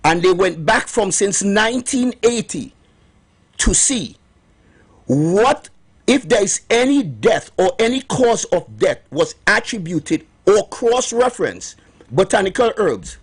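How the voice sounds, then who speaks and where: A middle-aged man with a Trinidadian accent hosting morning radio talk, emphatic and repeating his points slowly. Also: high-pitched, very animated, breathy edge. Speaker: radio host promoting herbal remedies.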